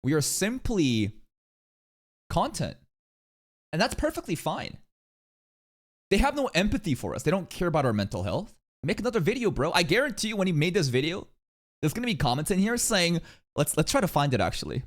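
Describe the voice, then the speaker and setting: A man's voice: brisk, pauses often. A man commenting casually on a clip as a reaction streamer, profane and blunt, with mocking asides. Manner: animated, profane, swings into shrill mocking voices.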